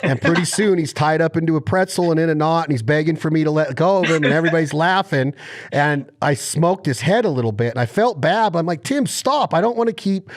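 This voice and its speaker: A man's voice: fairly high pitch, fast talker. A man hosting a podcast, chatting casually and telling stories with lots of enthusiasm. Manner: enthusiastic, animated storyteller. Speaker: podcast host. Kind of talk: casual interview chat.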